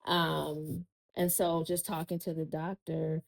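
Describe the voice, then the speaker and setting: A woman's voice: low-pitched, little pitch movement, slow pace, creaky, poor audio. A woman, a podcast guest telling a personal story in casual chat, often turning to listeners with "y'all.".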